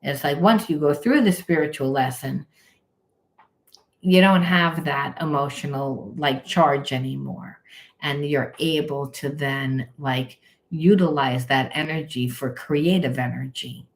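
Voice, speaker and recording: A middle-aged woman, a spiritual coach, telling a story in a casual, blunt and animated way. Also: deep voice, unhurried. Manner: animated, blunt, acts out quoted voices.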